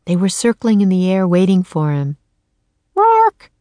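A woman narrating a children's chapter book in a clear, measured storytelling manner. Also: lowish voice, dark tone, no echo. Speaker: audiobook narrator. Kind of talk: children's audiobook reading.

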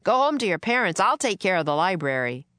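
A woman voicing a dusty, brisk adult man who hauls library books, commanding and dismissive. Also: on the low side, very animated, fairly bright tone, dry recording, clean studio sound.

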